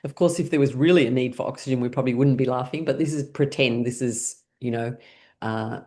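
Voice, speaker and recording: Leading an online laughter class, this woman guides playful make-believe scenes and often bursts out laughing. Her voice rumbles low and sounds warm, and she talks a little fast.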